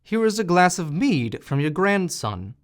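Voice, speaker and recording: A man voicing a hot-tempered middle-aged innkeeper who shouts and pleads in a raised voice, in a storybook reading. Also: fairly high pitch, brisk, natural voice. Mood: impatient.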